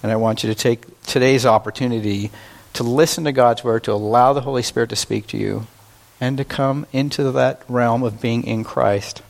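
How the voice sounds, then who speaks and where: Male pastor, mid-pitched, conversational sermon delivery, slows down for emphasis. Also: steady tone, creaky. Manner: conversational and self-deprecating, with emphatic slowed phrases.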